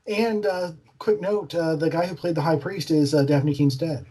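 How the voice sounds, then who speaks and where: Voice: medium pitch, fairly even intonation, normal speed, mellow, husky. A podcast co-host chatting casually about a TV episode, agreeing often and animatedly retelling scenes. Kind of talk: casual fan discussion.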